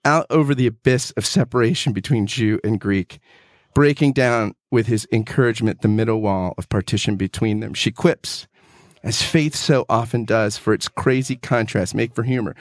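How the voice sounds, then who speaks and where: A man chats about theology and reads a passage aloud with feeling. His delivery is animated and heartfelt, at a middle pitch. The recording is dry and close. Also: normal speed, no room sound. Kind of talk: casual theological discussion and reading aloud.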